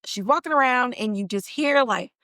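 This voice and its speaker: A woman's voice: on the high side, animated, normal speed, pushed and bright, no echo, clean studio sound. A woman hosting a podcast and recapping a TV episode in casual, slangy storytelling that is full of animation and laughter. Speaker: podcast host.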